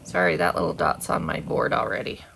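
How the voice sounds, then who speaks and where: A woman teaching a phonics lesson from home, away from school, patiently has second graders repeat words back to her. She speaks slowly in a low, sing-song, gravelly voice with a fairly bright tone, and there's slight background noise.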